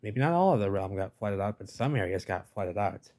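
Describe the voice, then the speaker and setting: A man's voice: lowish voice, animated, brisk, a little mellow. A man giving commentary over video footage in an emphatic, dismissive manner, repeating catchphrases.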